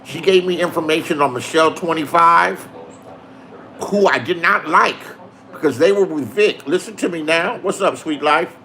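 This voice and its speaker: Dude with a high voice ranting a crude story, cussing, keeps swearing it's the truth. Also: male voice, normal speed, pushed and bright. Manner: boastful, swearing, insists it is the truth. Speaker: online show host. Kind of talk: profane storytelling rant.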